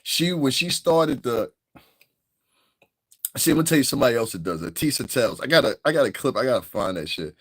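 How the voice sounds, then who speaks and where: A man's voice: medium pitch, animated, fairly quick, dry recording, clean studio sound. A man with a Northeastern US accent ranting on a livestream, swearing freely, laughing a lot and mocking voices. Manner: profane, laughing, mocks voices. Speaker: online commentator. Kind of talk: livestream commentary rant.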